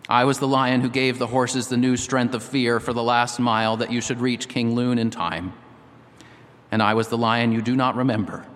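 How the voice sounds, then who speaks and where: A man reading aloud as a huge, calm male lion, speaking slowly and gravely. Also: medium pitch, lightly acted. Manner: slow, grave, measured. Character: vast, deep-voiced, calm male lion being. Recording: long hall reverb.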